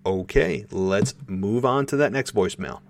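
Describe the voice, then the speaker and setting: A man hosting a podcast, answering listener questions in a casual, rambling, animated way. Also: lowish voice, a little slow, no room sound. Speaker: podcast host answering voicemails. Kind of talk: casual solo podcast talk.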